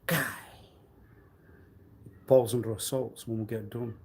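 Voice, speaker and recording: A man on a live stream delivering a rambling, accusatory monologue, swinging between loud outbursts and low muttering. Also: steady tone, measured pace, slightly rough. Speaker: livestreamer.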